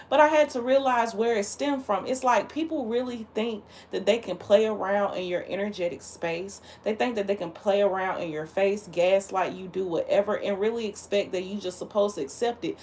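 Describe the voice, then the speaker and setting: A woman's voice: mid-range voice, normal speed, few pauses. Woman, livestream host, blunt, heated, emphatic, faint noise behind her. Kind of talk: casual livestream rant.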